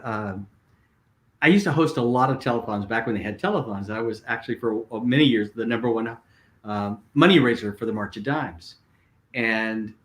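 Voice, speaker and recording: An older man, a guest, telling stories animatedly with lots of fillers and restarts. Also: medium pitch. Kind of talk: casual storytelling. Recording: roomy echo.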